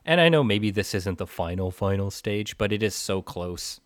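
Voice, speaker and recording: Deep-voiced man discussing films. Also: expressive, moderate pace, no echo, clean studio sound. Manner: thoughtful, rambling with fillers. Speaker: film podcast co-host. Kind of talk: casual film discussion.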